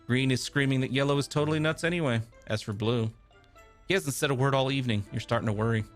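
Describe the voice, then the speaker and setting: A man streaming a story game live, reading its narration aloud in a mid-pitched voice with casual asides. Faint music plays in the background. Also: fast.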